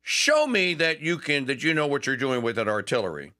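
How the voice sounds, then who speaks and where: A man's voice: mid-range voice, sing-song, fairly quick, bright, forceful tone. A man voicing a tall, commanding male general who questions and gives orders while telling a story on a talk show.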